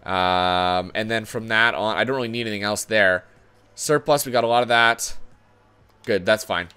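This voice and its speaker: A man's voice: lowish voice, normal speed, bright, forceful tone, smooth. A man giving casual commentary on a sports management game, chatty and thinking aloud, often correcting himself as he goes. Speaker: gaming YouTuber.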